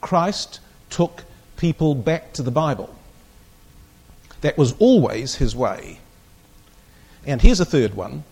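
A man's voice: mid-range voice, animated, slow pace, gravelly, pauses often, a little mellow, husky. A man teaching a Bible class, reading scripture aloud with strong emphasis and putting questions to the group.

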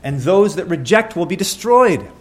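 A man's voice: sits high, sing-song, normal speed. A man preaching a sermon, reading scripture aloud and asking his listeners questions in an earnest, conversational way.

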